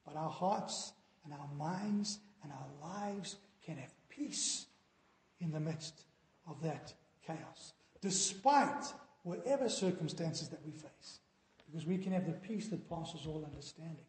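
A male pastor preaches in a church sanctuary, earnestly putting questions to his congregation. His voice is a little high, a little mellow, animated and unhurried, and the echoey hall gives the recording a long reverb.

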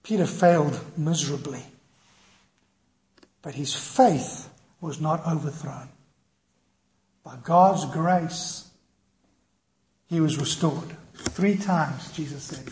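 A man preaching a sermon with impassioned storytelling, swinging from loud to quiet. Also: fairly high pitch, slow, pauses often. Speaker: pastor. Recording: echoey room with faint noise.

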